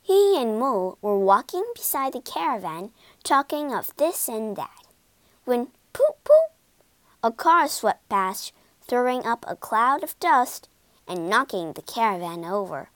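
A woman reading a children's storybook aloud, expressive and unhurried. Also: on the high side, no room sound. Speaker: storybook narrator.

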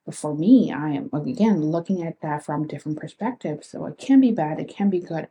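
A young woman chats alone on her podcast, earnest and reflective as she addresses listeners directly. Her low-pitched, warm voice has lively intonation and runs a little fast, captured on a rough recording.

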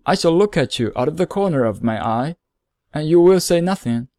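Storybook fox read by a man: wise, lonely, patient, a touch higher than plain talk, dry close sound. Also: expressive, dark tone, no room sound. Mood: earnest. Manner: earnest, measured, explaining slowly. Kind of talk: storybook reading.

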